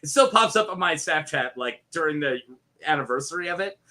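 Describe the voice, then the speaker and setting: A man's voice: on the high side, animated, a little fast, sharp tone. A man co-hosting a casual podcast chat, joking, laughing often and swearing casually. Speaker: podcast co-host.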